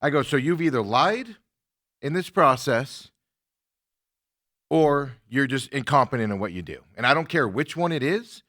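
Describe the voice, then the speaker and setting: A man hosts a talk show in casual chat, retelling a frustrating call. His bright, forceful voice rides a lively pitch as he quotes both sides. The sound is dry and close. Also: moderate pace, pauses often, no echo. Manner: animated, indignant retelling with quoted exchanges. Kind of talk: casual chat, telling a story.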